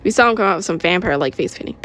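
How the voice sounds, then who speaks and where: A woman's voice: fairly low pitch, lively intonation, rapid-fire, a bit bright, slight background noise. A woman reading her own story aloud in a casual way, correcting herself as she goes. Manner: informal, with self-corrections and giggles.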